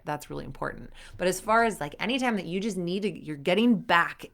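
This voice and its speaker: Brisk and expressive, this young performance coach has a lowish, fairly bright voice with vocal fry and few pauses. She coaches athletes in a loose, chatty manner, leaning on "like" fillers and voicing imagined inner thoughts.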